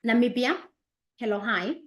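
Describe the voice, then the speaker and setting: An energetic woman with a slightly high voice hosts a live online business presentation, speaking at a normal pace. She repeats her greetings and reads out viewers' locations in an upbeat live-stream welcome, recorded in an echoey room.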